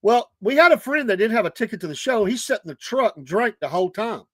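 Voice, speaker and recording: A man's voice: sits high, expressive, fast talker, no room sound. A middle-aged man, hosting a casual livestream and telling stories with frequent laughter. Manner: chatty, laughs often. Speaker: host.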